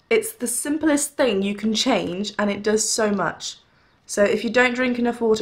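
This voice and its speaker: A young woman, a singing teacher, chatting casually to the camera at home, rambling and laughing with lots of fillers. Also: fairly high pitch. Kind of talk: casual vlog chat.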